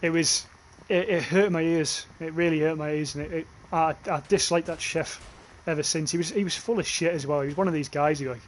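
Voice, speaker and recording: A man's voice: on the high side, steady tone, fairly quick, hardly any pauses, slight background noise. A young man with a Northern English accent, chatting casually and swearing while livestreaming a game and reading chat aloud. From northern England. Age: young adult.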